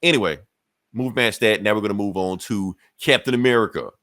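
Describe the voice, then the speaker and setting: Low-voiced man recapping comics casually. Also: fairly quick, fairly bright tone, no room sound, clean studio sound. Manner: profane, laughing retelling with put-on character voices. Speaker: comic review host.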